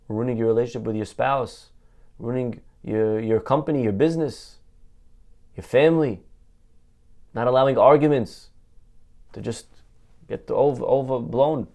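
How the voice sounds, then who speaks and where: A rabbi man delivering a Torah lesson sermon in a mid-pitched voice. He talks with animation, firing off rhetorical questions and answering them himself, and he repeats key phrases to drive a point home. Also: steady tone, normal speed, long pauses, mellow.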